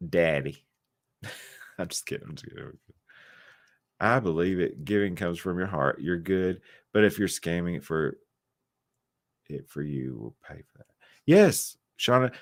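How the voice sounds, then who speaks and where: A man's voice: low voice, dry recording. Tipsy man chatting on a livestream. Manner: chatty, teasing, joking with chat. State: tipsy from wine. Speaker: livestream host. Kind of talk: casual livestream chat with viewers.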